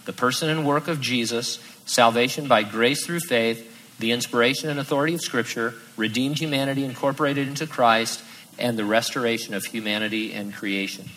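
A man preaching a sermon, lively and acting out the voices in his quotes. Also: mid-range voice, brisk, low-quality recording. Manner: animated, acts out quoted voices. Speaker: pastor.

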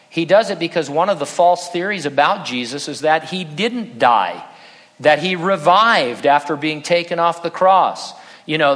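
A man's voice: on the high side, a bit bright, long reverb tail. A man preaching a sermon, working through a Bible passage verse by verse and slipping in dry, sarcastic asides. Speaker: pastor.

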